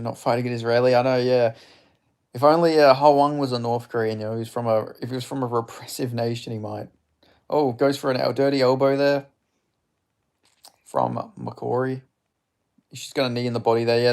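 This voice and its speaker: A young man talks through a live fight on stream in a casual, off-the-cuff way. His voice has a gravelly, creaky edge at a middling pitch. He reacts to the action, answers his viewers and swears without holding back. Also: flat delivery, a little fast, darkish tone. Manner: chatty, reacting to strikes, reading viewer chat aloud; blunt, swears freely. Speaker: streamer hosting a live fight watch-along.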